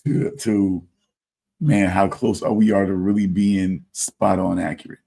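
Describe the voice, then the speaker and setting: A man co-hosting a podcast in casual chat, hesitant and halting as he muses. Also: low voice, steady tone, vocal fry, warm tone, breathy edge. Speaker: podcast co-host.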